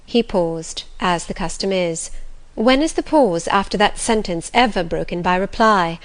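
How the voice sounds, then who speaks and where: Calm woman reading a classic novel. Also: medium pitch. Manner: calm, measured, gentle. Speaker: audiobook narrator.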